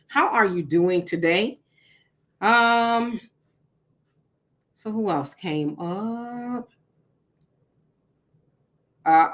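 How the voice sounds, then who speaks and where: A woman from California hosting a casual livestream, chatting and greeting viewers by name. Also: medium pitch. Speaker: livestream host.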